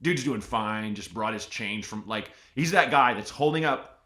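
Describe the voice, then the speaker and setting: Podcast host guy telling funny stories, bright tone, echoey room. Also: fairly low pitch, moderate pace. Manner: animated storyteller, jumps into loud put-on voices. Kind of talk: casual comedic chat. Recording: roomy echo.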